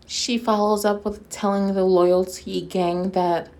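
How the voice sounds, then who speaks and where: A woman's voice: mid-range voice, steady tone, slow pace, few pauses, a little mellow. A woman hosting a casual commentary video, talking straight to her audience as friends, with a sarcastic, mocking edge and frequent laughter. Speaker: commentary YouTuber.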